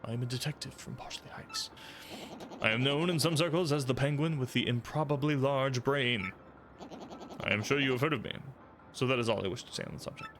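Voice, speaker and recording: A man's voice: medium pitch, brisk, noisy background, natural voice. A man voicing a pompous, self-important male penguin detective in a video game, speaking in a grand and formal way.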